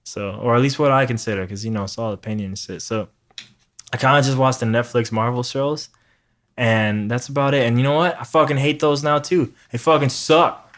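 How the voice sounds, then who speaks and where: A man chats loosely on his podcast. He rambles and swears freely, and his voice sits at an ordinary middle pitch. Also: brisk. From New York. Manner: profane, rambling, animated storytelling. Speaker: podcast host. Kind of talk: casual chat.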